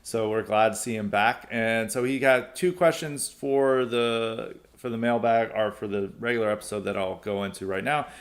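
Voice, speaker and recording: A man's voice: fairly low pitch, steady tone, normal speed, few pauses. A young adult man hosting a podcast, answering listener mail in a rambling way with frequent fillers and restarts. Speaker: podcast host. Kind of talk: casual mailbag commentary.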